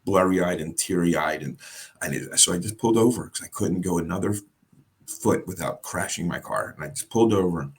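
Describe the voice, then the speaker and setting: An American man, a guest in an interview, telling a personal story in a halting, emotional way and often repeating words. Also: sits low, husky. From United States.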